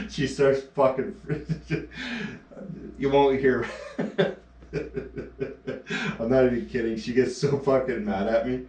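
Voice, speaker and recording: A man chatting on a live stream, laughing through his teasing stories and swearing freely. His voice sits at an ordinary pitch but comes from well away from the camera mic, with a roomy echo around it. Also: extremely slow, pauses often, a little mellow. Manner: laughing often, profane, teasing storyteller. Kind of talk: casual live-stream chat. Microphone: action camera mic held away. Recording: echoey, distant action camera audio.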